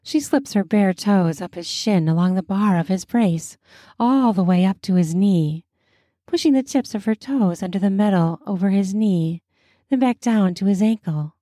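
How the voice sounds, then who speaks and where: A woman narrating a story in a slow, soft, intimate way. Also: mid-range voice, no echo, studio quality. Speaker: storyteller and host.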